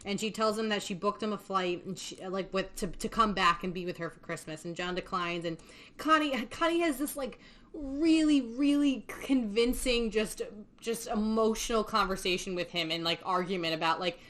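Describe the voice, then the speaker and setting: A woman's voice: medium pitch, normal speed, a bit bright. A woman chats her way through a film recap, loose and conversational. She laughs often and swears freely as she goes. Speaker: podcast host. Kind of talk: casual movie recap chat.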